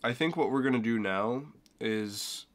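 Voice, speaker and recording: A man hosts a loose, joking live stream and reads viewer comments aloud to his friends in the call. His pitch sits at an ordinary middle level. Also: unhurried. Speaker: streamer host. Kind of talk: casual stream chat.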